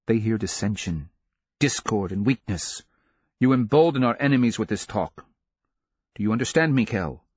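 A man's voice: lowish voice, animated, moderate pace, a little mellow, slightly rough, no echo, lo-fi sound. A man voicing a stern anxious empress mother. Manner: firm, admonishing. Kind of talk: audiobook character reading.

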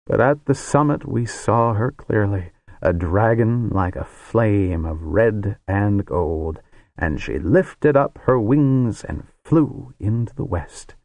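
A man voicing a grave male wizard who tells a story with solemn, hushed awe. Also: on the low side, lively intonation, slow, no echo. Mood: awed.

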